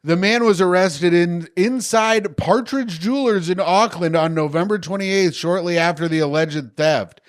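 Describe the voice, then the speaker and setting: A man in his thirties co-hosts a podcast, reading news out loud and breaking off into crude, joking riffs. His voice sits a little high for a man. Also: moderate pace, few pauses. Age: 30s. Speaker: podcast co-host. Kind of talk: casual comedic chat, reading news aloud.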